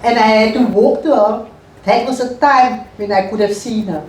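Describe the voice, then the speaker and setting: A middle-aged woman, an interview guest telling her life story in a halting, emotional way and repeating phrases. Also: a little high, a little mellow. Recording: echoey room, voice far from mic, faint noise.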